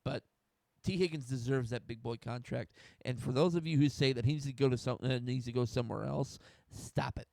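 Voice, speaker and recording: A man's voice: mid-range voice, a little fast, creaky, warm tone, no echo, studio quality. A young man from the United States hosting a solo sports talk stream, getting fired up, swearing and restarting his sentences. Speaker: host.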